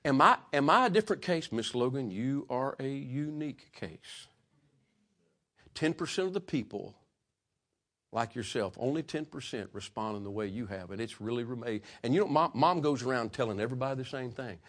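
A man preaching a sermon, swinging from loud, passionate peaks to hushed, quiet stretches. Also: mid-range voice, lively intonation, normal speed. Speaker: pastor.

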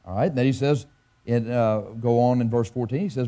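A man preaching a sermon as a pastor, telling a story and pressing his point with emphatic repetition and halting restarts. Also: medium pitch, fairly even intonation, warm tone.

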